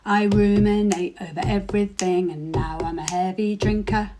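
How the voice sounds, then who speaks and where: A woman reciting a comic rhyming poem in a steady rhythm. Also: mid-range voice, normal speed, music in the background.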